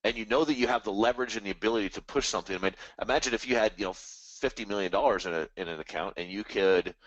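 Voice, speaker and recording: A man's voice: lowish voice, quick pace, a bit bright, no room sound, lo-fi sound. A man hosting a live trading stream, rambling casually and animatedly about markets and the economy, now and then mimicking other people's voices. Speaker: trading webinar host.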